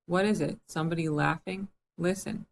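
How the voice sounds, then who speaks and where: A woman's voice: on the low side, normal speed, vocal fry, a little hiss or hum. A woman doing an eager young boy. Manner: eager, excited. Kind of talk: storybook reading.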